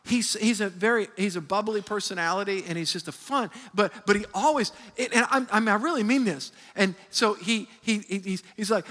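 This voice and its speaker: A man in his fifties, a pastor preaching a sermon with call-and-response and animated storytelling. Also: very high-pitched, fairly quick. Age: 50s. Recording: long reverb of a large hall.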